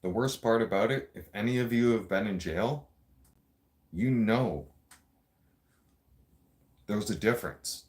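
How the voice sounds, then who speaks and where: A man's voice: fairly low pitch, a little slow, long pauses, a little mellow. A man hosting a show, telling a story in a blunt, casual way, swearing constantly and talking straight to his listeners. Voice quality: blunt, heavy swearing, streetwise.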